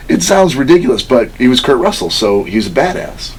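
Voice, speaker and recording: A man's voice: mid-range voice, slight background noise. A man co-hosting a podcast, telling stories in a laid-back way with fillers and swearing. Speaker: podcast co-host. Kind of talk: casual chat. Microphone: camera recording setup.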